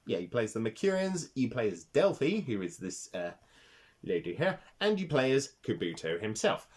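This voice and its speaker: A man's voice: mid-range voice, very animated, normal speed, breathy edge. A man hosting a casual retro game review vlog, talking with rambling enthusiasm and swearing freely.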